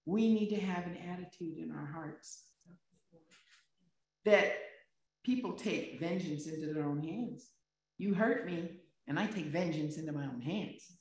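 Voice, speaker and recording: A woman's voice: fairly low pitch, unhurried, pauses often, darkish tone. A woman preaching a sermon, retelling a scripture story in plain words and asking the listeners rhetorical questions. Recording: very echoey room, distant mic.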